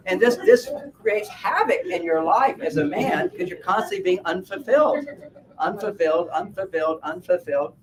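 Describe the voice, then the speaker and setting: A man giving a live talk at a fair, animated and laughing at his own points as he acts out little quotes. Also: high voice, moderate pace, few pauses, crowd noise. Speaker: speaker at a wellness fair. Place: event room at a hotel fair. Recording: distant mic with faint background noise.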